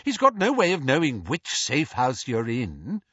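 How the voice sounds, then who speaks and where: A man voicing a kindly middle-aged father wizard who talks quietly and reasonably. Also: medium pitch, wildly swooping pitch, measured pace, husky, dry recording, dull audio, voice pushed up, full character voice. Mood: reasoning.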